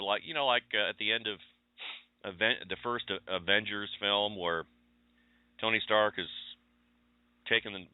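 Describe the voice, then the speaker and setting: A man's voice: low-pitched, clear, resonant tone, no room sound. Man rambling on a tinny line. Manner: rambling, conversational storytelling. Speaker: radio show host. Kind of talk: casual chat monologue. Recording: tinny phone-line audio.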